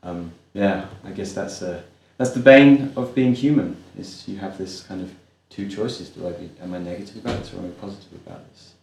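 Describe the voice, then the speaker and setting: A low-voiced man speaks softly in casual conversation, his sentences fading as he thinks. A strong, hollow echo surrounds him. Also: fairly quick, creaky, few pauses, a little hiss or hum. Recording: very echoey room.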